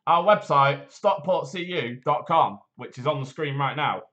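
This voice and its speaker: A man's voice: on the high side, unhurried, a bit bright, highs cut off. Rambling, self-mocking man. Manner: rambling, self-deprecating, jokey. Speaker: host of a local live show. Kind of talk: casual live-stream chat with read promotion.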